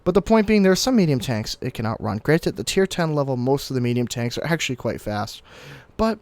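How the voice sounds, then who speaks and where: Casting: young male gaming commentator, mid-pitched, chatty and explanatory with quick excited bursts, close dry mic. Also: dry recording. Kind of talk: casual gameplay commentary.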